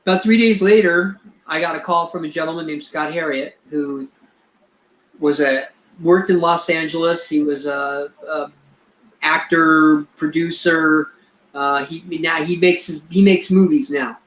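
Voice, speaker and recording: A man's voice: fairly high pitch, fairly even intonation, measured pace, a bit bright. Middle-aged man telling a rambling story. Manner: rambling, acts out quoted dialogue. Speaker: Bigfoot researcher, guest. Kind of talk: storytelling in an interview. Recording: echoey room.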